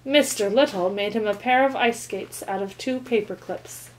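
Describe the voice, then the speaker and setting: A woman reading a children's novel aloud with calm, expressive storytelling. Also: medium pitch, moderate pace, a little hiss or hum, low-quality recording. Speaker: reader.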